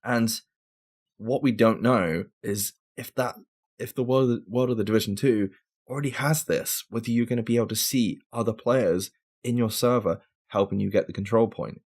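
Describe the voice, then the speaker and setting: Rambling low-voiced podcast host, a man. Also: normal speed, darkish tone. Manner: rambling, laid-back, swears casually. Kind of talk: casual gaming podcast chat.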